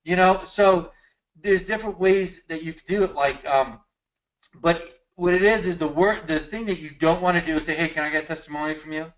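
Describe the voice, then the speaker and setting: Brief: man, slightly high voice, relaxed explainer, chatty. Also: moderate pace, poor audio. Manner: relaxed, explanatory, frequent fillers. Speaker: co-host of a marketing training. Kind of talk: casual coaching talk.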